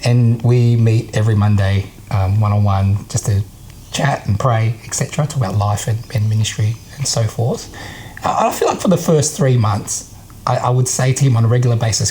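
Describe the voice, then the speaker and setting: A man's voice: lowish voice, fairly quick, darkish tone, a little hiss or hum, rough recording. An Australian man answering interview questions candidly and with some self-deprecation. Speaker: returned missionary, ministry worker.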